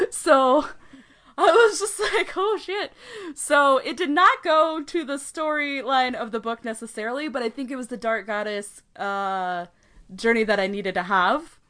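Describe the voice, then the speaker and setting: Animated woman telling a story on a podcast. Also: high voice, unhurried. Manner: animated storytelling, acts out quoted voices, laughs often, swears. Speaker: podcast co-host. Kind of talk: casual chat.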